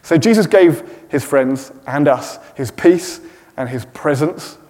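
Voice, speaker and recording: A middle-aged man giving a sermon, with gentle self-deprecating humour. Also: fairly high pitch, takes it slowly, long reverb tail. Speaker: preacher. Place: church.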